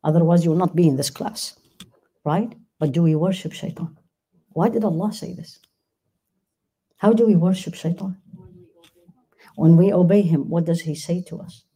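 A woman's voice: on the low side, normal speed, long pauses, warm tone, breathy edge. A woman teaching a religious class, emphatic, questioning her listeners and reciting verses. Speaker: Quran teacher.

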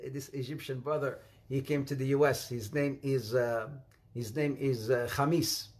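A man's voice: medium pitch, fairly even intonation, unhurried, darkish tone. A middle-aged man with an Arabic accent, whose first language is Arabic, preaching a sermon and telling stories with jokes, addressing the audience as brothers and sisters.

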